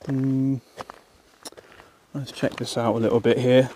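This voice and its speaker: With a mellow, mid-range voice that shows little pitch movement, this walking vlogger from England speaks at a measured pace. He is panting while climbing a muddy hill on a woodland path, chatting casually to viewers with mild exclamations and muttered asides.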